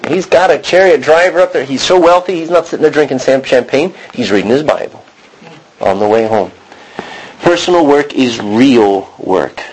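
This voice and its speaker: The recording is rough, and this man's mid-range voice is slightly rough too. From Texas, he preaches a sermon through rambling storytelling about his own experience, with frequent restarts and self-quotes.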